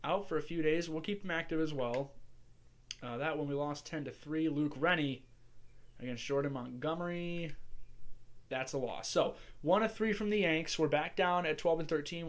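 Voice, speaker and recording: Casting: man, slightly high voice, casual chatty gameplay commentator thinking out loud. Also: normal speed. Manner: chatty, musing aloud while playing. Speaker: gaming channel host.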